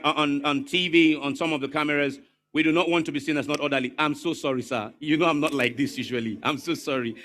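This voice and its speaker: Bright-voiced Nigerian man emceeing. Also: on the high side. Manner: courteous, repetitive welcomes and polite pleading. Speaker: master of ceremonies. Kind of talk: formal event announcing. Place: large crowded hall.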